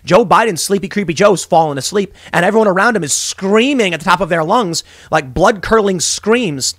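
A young man delivers opinionated political commentary on his podcast, speaking fairly quickly from a small closet studio. His somewhat high male voice swings broadly in pitch as he rants, rambling, restarting sentences, and layering on his views with animated energy. The audio is intimate and dry, with no echo from the room.

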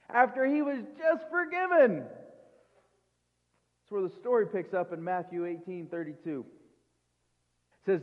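A male pastor with a high voice preaches in an easy, conversational way, firing off rhetorical questions and quick asides. The sound is thin and tinny, like a phone line, and a long reverb hangs after his words. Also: sing-song. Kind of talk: sermon.

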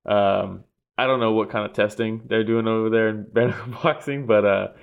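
Excitable laughing man talking fights. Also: on the low side, moderate pace, gravelly, clean tone, narrow, tinny audio. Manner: excitable, laughs often, swears freely. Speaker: podcast co-host. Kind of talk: casual sports chat.

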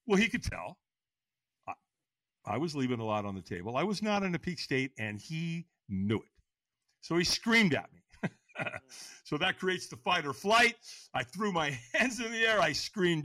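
Middle-aged male podcast guest, storyteller type; bright, lively delivery, acts out every quote. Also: mid-range voice, a little fast, no echo. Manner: acts out quotes in a raised voice, laughs often. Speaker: podcast guest, firewalk instructor. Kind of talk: animated storytelling.

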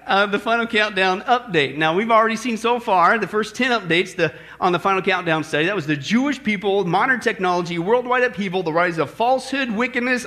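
A man's voice: high voice, sharp tone. A male pastor preaching a sermon in a folksy, joking manner, telling a story before moving into his teaching. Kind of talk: sermon with joke.

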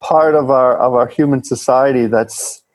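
A man's voice: mid-range voice, steady tone, normal speed, darkish tone, no room sound, rough recording. A man talking earnestly and animatedly about inner work and relationships in a casual conversation, swearing now and then.

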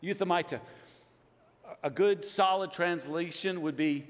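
A man in his fifties preaches with a high, bright voice, jumping from loud bursts to quiet, pressing lines. His words ring out with a long hall reverb behind them. He speaks as a pastor to his congregation. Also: normal speed. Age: 50s. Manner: animated, swings from loud exclamations to hushed emphasis. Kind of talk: sermon.

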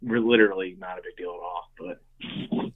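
This guest, a young hardcore band musician, speaks in a low voice with a steady tone and moderate pace. His casual storytelling wanders, packed with fillers and plenty of swearing, and the audio is tinny, like a phone call.

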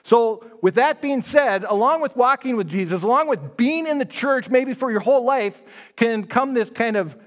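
A man's voice: very high voice, animated, moderate pace. A man pastor giving a live sermon, telling the story conversationally and casting his listeners as the disciple Peter. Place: church sanctuary.

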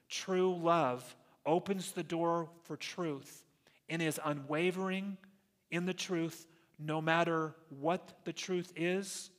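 A man's sermon voice, pitched a little above the usual male range, carried by the long reverb of a large church sanctuary. He tells stories earnestly and slows down to stress key phrases. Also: a bit bright. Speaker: pastor.

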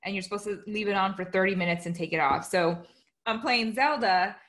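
A woman with a bright, crisp voice at an ordinary pitch for a woman. She chats in an easygoing way, relaxed and ready to laugh. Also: brisk. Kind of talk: casual chat.

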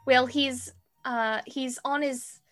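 A woman's voice: high-pitched, fairly even intonation, slow pace, fairly bright tone, faint music behind. A young adult woman narrating a tabletop game as dungeon master, descriptive with hesitant fillers.

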